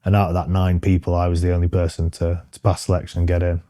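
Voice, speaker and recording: Low, dark-voiced British man, frank and rambling. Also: monotone, fast, dry recording, clean studio sound. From Britain. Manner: rambling and frank, many ums and restarts. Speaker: interview guest. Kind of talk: casual interview chat.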